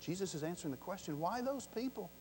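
A high-pitched man preaches a sermon in a large church hall, his voice trailing off into a long reverb. He swings from loud, driven emphasis to soft, hushed lines and acts out the voices of the story's characters. A low mains hum sits under the recording. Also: lively intonation, fast. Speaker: pastor.

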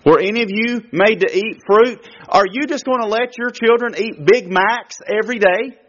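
A male guest preacher delivers a sermon in a fairly high voice, pressing his points with rhetorical questions and big swings in pitch. The recording sounds dull and lo-fi, like an old church tape. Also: normal speed.

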